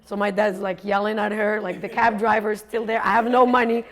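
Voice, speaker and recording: A woman's voice: medium pitch, flat delivery, brisk. A woman coach telling a personal story in a chatty way, laughing often and acting out what others said. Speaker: coach and speaker.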